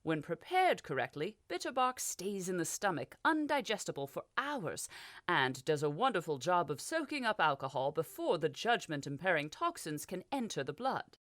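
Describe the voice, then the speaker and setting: A pompous, showy male gunman in a fantasy audiobook who speaks with easy confidence, as a woman narrator puts him on. The voice sits somewhat low, lively in pitch, dry and close. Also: normal speed, dry recording.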